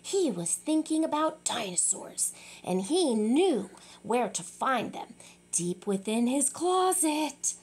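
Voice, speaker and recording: Animated woman reading a picture book. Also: high-pitched, slow. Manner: animated, chatty asides to young listeners. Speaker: storyteller.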